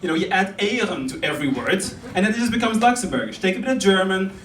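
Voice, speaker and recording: A man's voice: sits high, expressive, fast, fairly bright tone. Young man doing stand-up in a roomy club. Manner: rambling, chatty, laughing at own jokes. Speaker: stand-up comedian. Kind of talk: stand-up comedy set. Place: comedy club stage. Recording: roomy club sound from a distance with crowd noise.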